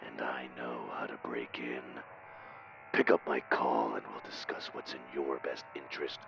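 A voicemail villain who takes his time. His rough, gravelly whisper drags along at the very bottom of the voice, slow and threatening. Music plays behind him on muffled audio. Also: rumbling low, fairly even intonation. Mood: menacing. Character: menacing male stalker caller, cold and patient.

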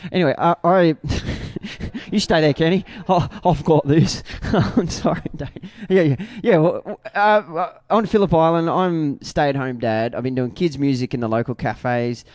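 An Australian man in a band, talking in a rambling, excitable way with many restarts in a casual interview. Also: fairly high pitch, a little slow, hardly any pauses, no echo. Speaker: band member.

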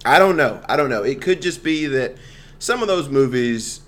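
A man's voice: medium pitch, expressive, normal speed. A man chatting casually about comedy films, making wry jokes and asides to his co-host. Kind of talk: casual chat about movies.

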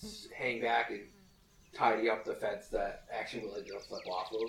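A man's voice: lowish voice, steady tone, moderate pace, a bit bright, far from the mic. Wry easygoing man at game table. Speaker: player. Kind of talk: casual tabletop game chat. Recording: echoey room, faint background noise.

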